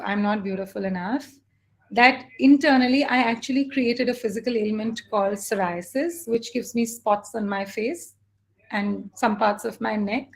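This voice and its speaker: A woman life coach giving a live online coaching talk, earnest and reflective, telling personal stories. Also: a little high.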